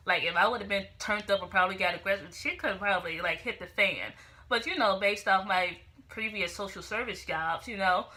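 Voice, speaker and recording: A young woman vlogger telling a story in a casual, animated, expressive way, with emphatic retorts. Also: medium pitch, a little fast.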